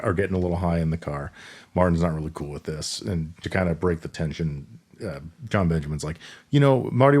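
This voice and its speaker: A deep-voiced man co-hosting a casual podcast, walking through a film's plot. He rambles and restarts often, filling his pauses with ums and uhs. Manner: rambling, halting retelling with many fillers and restarts. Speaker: podcast co-host. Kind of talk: casual chat recapping a film.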